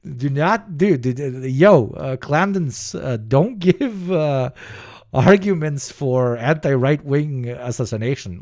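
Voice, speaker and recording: A man's voice: medium pitch, slow, darkish tone. Young male streamer, loose profane reaction talk, keeps restarting and laughing. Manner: rambling, profane, laughs often, restarts a lot. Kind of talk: casual reaction commentary.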